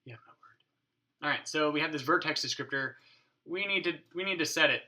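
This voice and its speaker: A man's voice: on the high side, quick pace, pushed and bright. A man hosting a casual coding tutorial at his home desk, thinking aloud, muttering to his code and joking with mild swearing. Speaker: programming tutorial host. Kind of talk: casual screencast coding walkthrough.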